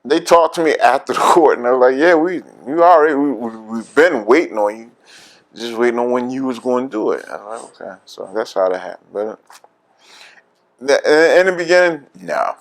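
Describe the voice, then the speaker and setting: A man's voice: mid-range voice, animated, fairly quick, vocal fry. A veteran with a Philadelphia accent recounts his own story in an oral history interview. He talks candidly, in a middling voice, and breaks into laughter often.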